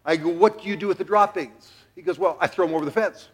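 A middle-aged pastor preaches a sermon in church, his high, slightly rough voice moving at a quick pace. Animated and jokey, he tells a family story and acts out the quotes.

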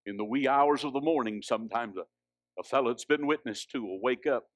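A man preaching a sermon, swinging from hushed, drawn-out lines to loud, high exhortation. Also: no room sound, studio quality.

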